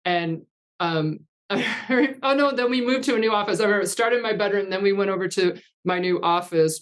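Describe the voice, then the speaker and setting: Rambling, anecdotal woman in her fifties. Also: fairly low pitch. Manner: rambling, anecdotal, laughs often. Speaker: guest, artist coach. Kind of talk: casual interview chat.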